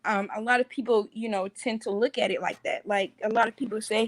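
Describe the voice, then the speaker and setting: Calm encouraging woman, dry close sound. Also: fairly high pitch, a little fast, few pauses, dry recording. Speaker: guest. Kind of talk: motivational talk.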